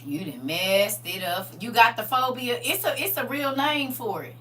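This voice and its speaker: Bright-voiced, emphatic middle-aged woman. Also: a little high, lively intonation, normal speed. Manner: emphatic, chatty, laughs often. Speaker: livestream host. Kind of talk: casual livestream chat. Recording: distant mic with faint hum.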